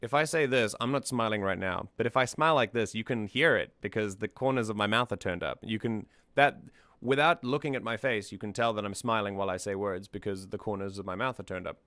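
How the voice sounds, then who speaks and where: A man's voice: fairly low pitch, brisk, a bit bright, no echo. A man hosting a music analysis stream, talking things through in a thoughtful, casual way and often repeating words as he thinks.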